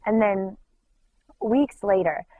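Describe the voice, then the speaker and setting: A woman's voice: medium pitch, slow, mellow, no room sound, low-quality recording. A young woman giving an emotional personal testimony, talking earnestly and filling her story with "like". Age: young adult. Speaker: worship leader giving a testimony.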